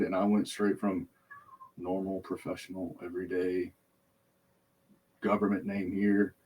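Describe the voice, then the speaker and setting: A man's voice: deep voice, darkish tone, a little hiss or hum. A man hosting a podcast, telling a heated, profane story in casual chat, swearing constantly. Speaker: podcast host.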